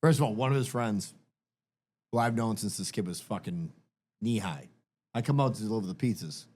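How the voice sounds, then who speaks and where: A middle-aged man on a podcast telling animated, profane stories among friends. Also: fairly low pitch, fairly quick. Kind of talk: casual chat.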